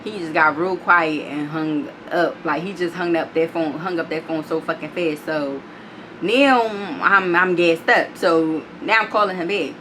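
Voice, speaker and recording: A woman's voice: deep voice, steady tone, unhurried, pushed and bright, a little hiss or hum. A young woman telling a story in casual vlog style, blunt and profane, acting out the other people's lines as she quotes them.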